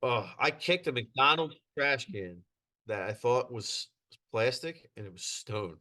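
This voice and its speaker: Brief: middle-aged man, mid-pitched, animated storyteller who laughs mid-story and acts out voices. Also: a little slow. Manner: animated, laughs through his stories, acts out quotes. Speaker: podcast guest. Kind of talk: casual storytelling.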